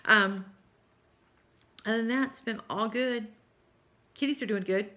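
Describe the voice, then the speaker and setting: A woman's voice: a little high, a little slow, pushed and bright. A woman from South Texas with a Texan accent, chatting casually with viewers in a rambling, apologetic way while tired and yawning. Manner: rambling, chatty, apologetic, says y'all often. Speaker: cross-stitch vlogger.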